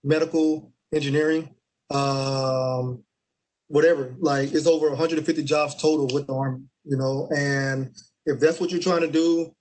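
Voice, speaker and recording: A young man, an Army staff sergeant, answering interview questions in a relaxed way with many fillers and restarts. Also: on the high side, moderate pace, rough recording.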